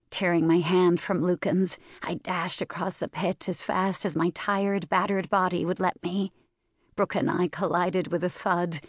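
A woman narrating a first-person fantasy novel in a steady, measured storytelling voice. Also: fairly low pitch, dry recording, clean studio sound. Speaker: audiobook narrator.

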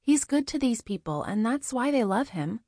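A woman voicing a warm, teasing young woman friend in an audiobook, with an affectionate, playfully scolding manner. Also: a little high, very animated, normal speed, no room sound, studio quality, pitched above the performer's own voice. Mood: defending.

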